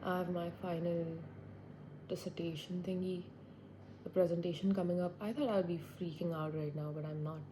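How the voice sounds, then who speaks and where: Seated inside near a window, this twenty-something vlogger rambles and reflects to herself in a solo monologue. She speaks a little quickly in a steady, lowish voice, with background noise audible.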